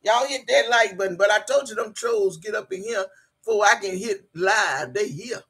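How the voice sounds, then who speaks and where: Older lady in her 60s on a live stream, husky bright voice, loud and laughing, cusses a lot. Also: mid-range voice, moderate pace. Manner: loud, laughing, teasing commentary; chatty, colloquial, swears freely. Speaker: livestream host reading chat. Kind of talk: casual live-stream chat.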